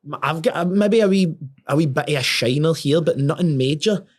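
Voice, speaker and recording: A young man, a podcast guest telling a story in casual talk, sweary and animated, often restarting his words. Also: on the high side, fairly quick.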